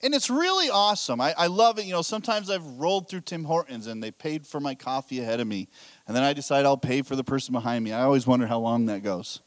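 A man's voice: medium pitch, animated, fast, dry recording. A middle-aged man preaching a sermon as pastor, telling candid, self-deprecating stories with a laugh.

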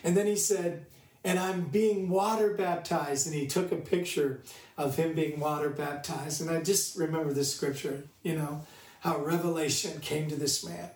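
A man's voice: fairly high pitch, steady tone, normal speed, darkish tone, reverberant, distant mic. A man preaching a sermon, reading scripture and telling a personal story in an earnest manner.

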